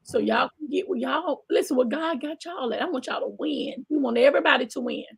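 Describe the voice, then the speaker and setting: Brisk and creaky, her high voice carries a live stream where she chats casually and reads out viewer comments. She's an animated, exclamatory woman from the American South who hosts a talk show and leads a church as pastor.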